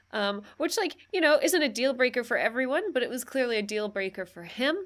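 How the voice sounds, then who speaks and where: A woman's voice: fairly high pitch, lively intonation, fairly quick, few pauses, fairly bright tone. A woman co-hosting a casual movie podcast, laughing often and slipping into jokey impressions. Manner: giggly, playful, slips into jokey impressions. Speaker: podcast co-host. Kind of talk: casual chat reviewing a movie.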